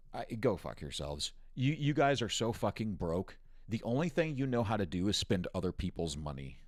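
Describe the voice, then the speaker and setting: Low-voiced male stream host from the US, angry profane mocking rant, dry close recording. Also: dry recording. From United States. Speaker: news commentary host. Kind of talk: ranting political commentary stream.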